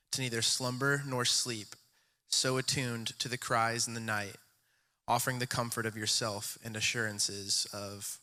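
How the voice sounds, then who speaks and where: A man reading a poem aloud slowly and deliberately in front of a church congregation. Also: medium pitch, sharp tone. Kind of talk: poetry reading.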